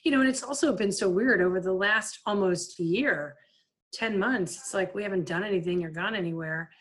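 A woman's voice: mid-range voice, moderate pace. A woman in her fifties, a former player and coach, telling stories in a casual interview, full of "like" and "you know". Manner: lively anecdotal, frequent "like" and "you know".

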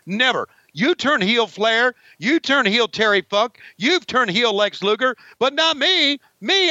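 A man's voice: bright, forceful tone, no echo, highs cut off, exaggerated voice. A man playing a frustrated veteran male wrestler who rants and swears backstage. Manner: profane, rambling, raised pitch, mock-angry.

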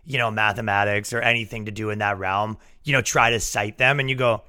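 A man's voice: on the low side, steady tone, fairly quick, hardly any pauses, bright, forceful tone. A man hosting a podcast, ranting in casual chat with profane jokes and laughing asides. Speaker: podcast host.

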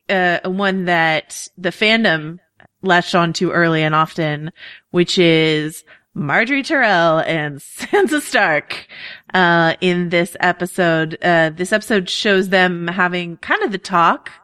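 Chatty female podcast co-host, low-pitched, dry close sound, laughs easily. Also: fairly bright tone, clean tone, no echo. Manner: chatty, laughs often, many fillers. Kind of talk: casual chat.

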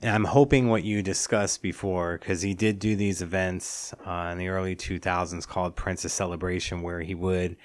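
Deep-voiced man hosting a casual interview. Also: flat delivery, normal speed, hardly any pauses, no echo. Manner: conversational, chuckling, prompting questions. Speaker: podcast host, interviewer.

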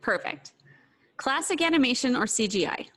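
A woman hosting a podcast interview, asking brisk quiz-style questions and laughing often. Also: a little high, animated, a bit bright. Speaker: podcast host. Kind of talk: casual interview.

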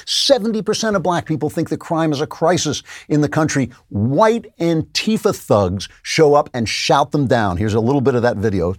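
A man hosting a political commentary show, sarcastic and animated, often mocking his opponents. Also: a little high, dry recording, studio quality. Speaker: podcast host.

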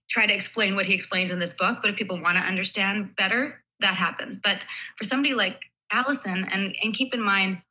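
A woman's voice: medium pitch, pushed and bright, rough recording. A woman guest in a casual conversation, explaining her view thoughtfully and at length.

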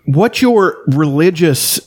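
A man's voice: a little high, expressive, slow, a little mellow. A man co-hosting a casual podcast, ranting heatedly and swearing often. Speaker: podcast co-host. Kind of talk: casual profane political banter.

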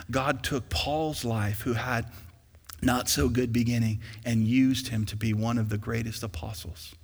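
A young man preaching a sermon as pastor in a church, emphatic and rising to loud peaks, with an easy storytelling manner. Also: mid-range voice, steady tone, measured pace. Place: church sanctuary. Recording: long hall reverb.

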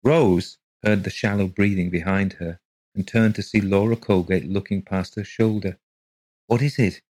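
Man, ghost story narrator, husky, low-pitched, steady measured reading. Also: poor audio. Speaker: podcast narrator.

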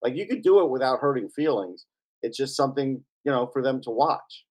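A man co-hosting a hockey podcast who chats in a relaxed, agreeable way. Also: medium pitch, brisk. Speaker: podcast co-host. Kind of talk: casual hockey podcast chat.

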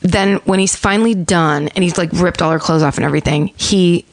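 A woman's voice: fairly low pitch, a little fast, gravelly, a little hiss or hum. A woman co-hosting a podcast, casually retelling a true-crime story with plenty of swearing and filler words. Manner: profane, animated retelling with frequent fillers. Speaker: podcast co-host.

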